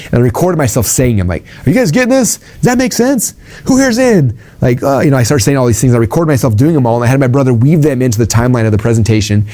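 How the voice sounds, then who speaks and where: A man's voice: mid-range voice, warm tone. A man giving an informal sales training talk, rambling with ums and restarts and acting out quoted conversations.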